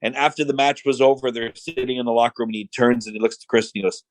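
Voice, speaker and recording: A man's voice: mid-range voice, quick pace, dry recording, rough recording. A middle-aged man telling stories in a casual chat, acting out quotes in voices and saying "like" and "you know" often. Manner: animated storyteller who acts out quotes in voices; filler-heavy, says "like" and "you know" often. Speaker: podcast guest.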